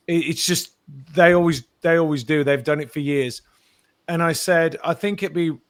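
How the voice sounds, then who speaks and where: A man, an actor guest, telling lively anecdotes in an interview and acting out the quotes. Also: on the high side, no room sound. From Britain. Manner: animated storyteller, acts out quotes.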